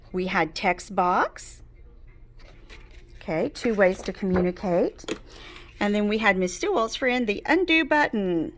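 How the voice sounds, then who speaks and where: A woman teacher running an online class and reading a story aloud, gentle and explanatory. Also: medium pitch, a little hiss or hum.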